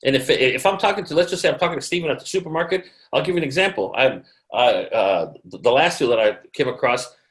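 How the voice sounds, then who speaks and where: A man's voice: mid-range voice, poor audio. A man presenting to his team on a video call, acting out conversations with clients. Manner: fast, animated, acts out conversations. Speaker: mortgage loan officer presenting to a team. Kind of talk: online team meeting presentation.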